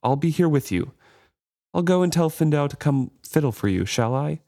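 This is a nervous sailor who covers his fear with false heartiness, as a man reads him aloud. he coaxes the listener as if calming a child, and his voice sits a little higher than the reader's own low voice. the sound is dry and close. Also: moderate pace, creaky, no room sound. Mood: cajoling. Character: nervous male sailor feigning cheer. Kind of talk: reading a novel aloud.

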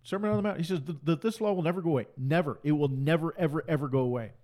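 A man delivers a fiery sermon. His voice sits fairly high, and he drives each point home by repeating it with emphasis. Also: rapid-fire, a little mellow. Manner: emphatic, repeats phrases for force. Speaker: preacher.

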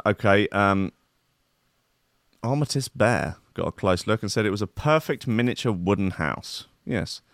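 A man's voice: fairly low pitch, no echo, clean studio sound. A man hosting a comic show, riffing on odd news stories in a rambling, sardonic, sweary way. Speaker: host. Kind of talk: comic commentary on news clips.

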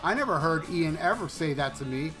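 High, bright-voiced joking man. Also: lively intonation, a little fast, faint music behind. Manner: joking, chuckling asides. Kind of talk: casual podcast banter.

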